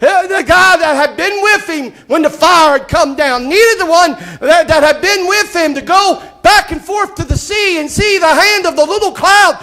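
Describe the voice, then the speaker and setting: A man preaching a live church sermon, impassioned and folksy, with bursts of shouting. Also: very high voice, animated, normal speed. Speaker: pastor. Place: church sanctuary.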